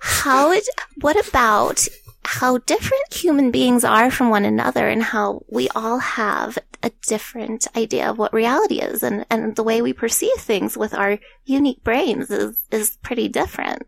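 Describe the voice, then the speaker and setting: A woman's voice: a little high, moderate pace, vocal fry, dry recording, low-quality recording. A woman voicing a stereotypical cartoon grandmother who dotes on her grandson, in a quavery sweet-old-lady voice. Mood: doting.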